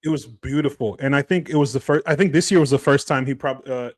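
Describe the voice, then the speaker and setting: A man's voice: medium pitch, fast talker. A man co-hosting a casual podcast, ranting animatedly with lots of swearing and laughter. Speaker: podcast co-host. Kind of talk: casual chat.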